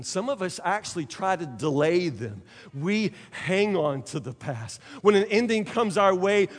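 A middle-aged male pastor delivering a sermon, emphatic and repetitive, swinging between loud and soft. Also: very high-pitched, in a large hall. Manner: emphatic preaching, repeats phrases, sudden loud and soft turns.

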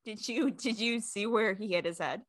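A woman co-hosting a podcast in casual chat, eager and quick to laugh, rambling as she explains what she noticed. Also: medium pitch, dry recording, studio quality. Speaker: podcast co-host.

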